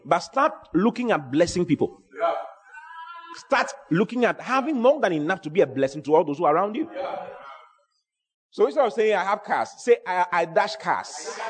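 Male preacher, high and lively voice, reverberant hall. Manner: animated, emphatic preaching with repeated phrases. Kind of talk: sermon.

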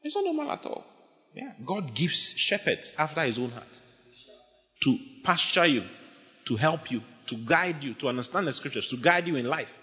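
A man preaching from the pulpit, his pitch leaping up and down as he shouts and jokes. His tone is bright and ringing, and a long reverb trails every phrase in the big church hall. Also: normal speed. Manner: animated, emphatic, often shouting and laughing. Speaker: pastor. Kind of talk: sermon.

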